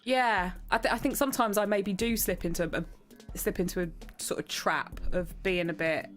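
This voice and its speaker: A woman's voice: mid-range voice, moderate pace, soft background music. A woman from England chatting casually and a little tipsily while streaming a game. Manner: chatty, giggly, a little tipsy. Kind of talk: casual gaming chat.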